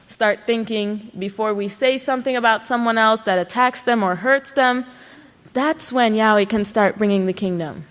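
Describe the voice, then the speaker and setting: A woman giving an earnest sermon at a religious service, pressing her points with rhetorical questions. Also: sits high. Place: large worship hall. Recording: long hall reverb.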